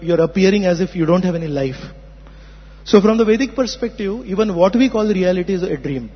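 An earnest man with a high, slightly husky voice gives a spiritual discourse, explaining by asking rhetorical questions. He sounds muffled, with a long reverb trailing each phrase. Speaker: spiritual teacher. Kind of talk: philosophical discourse. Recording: muffled hall recording.

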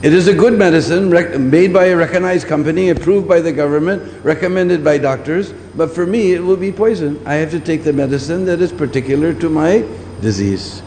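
A man's voice: on the high side, a little fast, darkish tone. Preacher man in a reverberant hall. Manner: repeats points, asks listeners "hmm?" often. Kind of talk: scriptural lecture. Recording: long hall reverb, faint background noise.

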